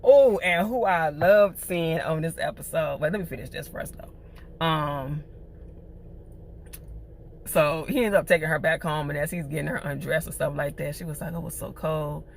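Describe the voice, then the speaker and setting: A woman recapping a TV episode in a chatty, animated way, full of slang. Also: low voice, moderate pace, a little hiss or hum. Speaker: TV show reviewer.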